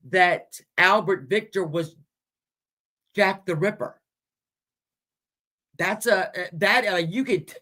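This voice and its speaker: Her voice fairly low and a bit bright, a livestream host rambles through a casual history chat with viewers in the live chat. She chuckles, adds crude asides and searches for images on screen while talking.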